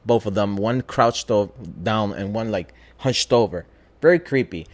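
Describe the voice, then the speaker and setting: A man casually telling a spooky personal story as a podcast host, talking in a lively, profane way. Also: lowish voice, measured pace. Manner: animated, profane, acts out voices in his story.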